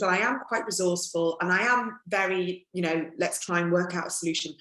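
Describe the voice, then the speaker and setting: A middle-aged woman speaking as a guest in a podcast chat, reflective and unhurried with frequent fillers. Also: on the low side, a bit bright. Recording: echoey room.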